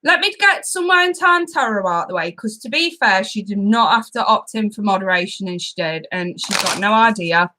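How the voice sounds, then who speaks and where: A woman's voice: mid-range voice, lively intonation, fairly quick, hardly any pauses, bright, forceful tone, slight background noise. A woman hosting a live tarot stream, chatting casually and giggling as she greets viewers by name.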